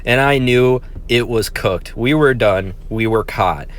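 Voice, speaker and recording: A young man recounts a personal story for his vlog, talking frankly and peppering it with swearing. He pokes fun at himself as he goes. His voice sits at an ordinary male pitch. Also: a little slow. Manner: candid, profane, self-deprecating. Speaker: vlogger.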